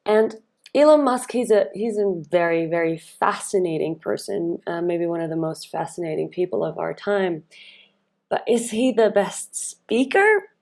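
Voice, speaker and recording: A woman's voice: lowish voice, lively intonation, a little slow, gravelly, a little mellow. A woman coach analysing a speech in a video, chatting and thinking aloud with fillers and restarts, and stressing key words. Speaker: speaking and storytelling coach.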